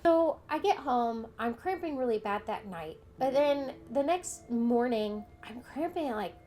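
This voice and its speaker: A woman's voice: on the high side, expressive, a little slow, warm tone, slight background noise. A young adult woman vlogger candidly telling a personal story in casual conversation, acting out what others said. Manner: candid, conversational, retells events with quoted dialogue.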